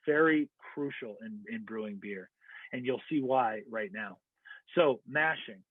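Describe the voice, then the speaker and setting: An American man walks through a lesson in a measured, explanatory way, often pausing on fillers and correcting himself mid-sentence. His voice sits at an ordinary middle pitch. The audio is thin and phone-like, with a dry, close sound. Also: husky, no room sound. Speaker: lecturer. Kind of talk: online lecture.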